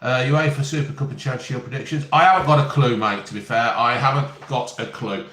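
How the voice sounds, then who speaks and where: A man's voice: mid-range voice, a little fast, fairly bright tone, roomy sound, slight background noise. A man, chatting casually on a live stream and reading out viewer comments with jokes. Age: 50s. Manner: chatty, jokey, reads viewer comments aloud.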